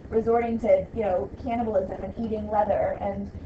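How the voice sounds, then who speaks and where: A woman's voice: mid-range voice, fairly even intonation, fairly quick. A woman teaching a history class in a loose, conversational way, full of ums and likes. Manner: casual, many fillers like um and like. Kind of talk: recorded classroom lecture. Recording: distant, roomy, dull lo-fi with faint hiss.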